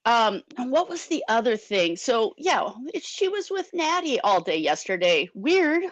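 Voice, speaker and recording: A woman's voice: a little high, big pitch swings, unhurried, no room sound, low-quality recording. A woman giving opinionated casual commentary on a video call with other panelists. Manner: opinionated, chatty.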